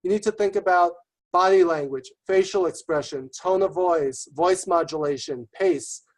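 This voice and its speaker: Guy with a high voice running a webinar, talks fast and eager, keeps saying right?. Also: rough recording. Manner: fast-talking, enthusiastic, rhetorical "right?" checks. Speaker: presenter. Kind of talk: webinar presentation. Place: remote webinar.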